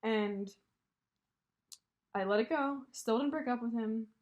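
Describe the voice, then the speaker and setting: A woman co-hosting a casual podcast chat, telling an animated breakup story and swearing freely. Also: a little high, takes it slowly, dull audio. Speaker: podcast co-host.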